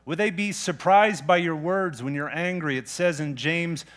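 A pastor delivering a sermon in a relaxed, everyday way of talking. His voice sits a little higher than most men's. He poses direct questions to his listeners and retells scripture in casual words. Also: moderate pace. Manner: conversational, plain-spoken preaching with rhetorical questions.

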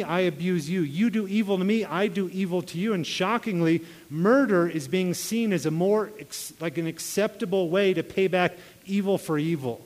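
A man's voice: on the high side, darkish tone. Earnest male pastor in a reverberant hall. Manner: earnest storytelling, acts out quoted voices. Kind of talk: sermon with personal stories.

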